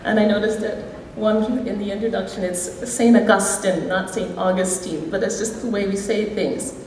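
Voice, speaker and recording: A woman from Wisconsin with a Midwestern accent giving a reflective, gently humorous award speech as an alumni inductee. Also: medium pitch, steady tone, moderate pace, slight background noise. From Wisconsin, USA. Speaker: alumni hall of fame inductee. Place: large school hall. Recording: echoey hall, voice from far off.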